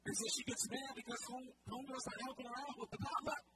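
A man's voice: extremely high pitch, fast. A male preacher giving a conversational sermon and asking the congregation questions. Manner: animated, conversational, asks the crowd questions. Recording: distant mic, loud background noise.

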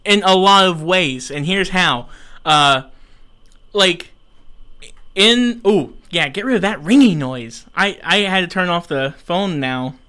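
Young man, show host, bright voice, a bit high, rambling, frustrated. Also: lively intonation, slow, clean tone. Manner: frustrated, rambling, self-mocking. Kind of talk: casual live show chat.

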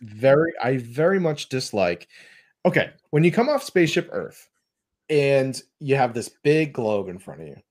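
Animated guy hosting a podcast, rambles a lot, laughs at his own jokes, mid-range voice. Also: medium pitch, moderate pace. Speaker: podcast host. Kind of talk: casual podcast chat.

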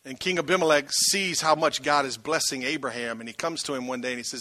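A male pastor preaching a sermon, dramatic, swinging from loud bursts to hushed tones and asking the crowd rhetorical questions. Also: on the high side, quick pace, no echo.

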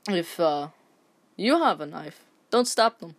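A woman's voice: mid-range voice, expressive, a little slow, long pauses. A woman from England, casually reading an online story aloud and breaking off into rambling, sweary asides and stumbles. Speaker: story reader.

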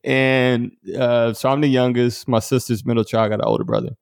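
A man's voice: mid-range voice, steady tone, fairly quick, clean tone, no echo, clean studio sound. A man, the guest author in a podcast interview, telling personal stories earnestly and emphatically, repeating words for stress and laughing often between points. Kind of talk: conversational storytelling interview.

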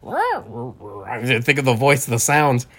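A man in casual chat who talks in a lively, playful way. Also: mid-range voice, slow pace.

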